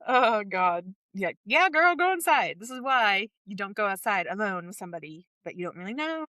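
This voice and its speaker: Young woman, podcast co-host, mid pitch, dry close sound, giggly and agreeable. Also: animated, fairly quick, pushed and bright, dry recording. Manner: laughs often, chimes in with agreement. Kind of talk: casual chat.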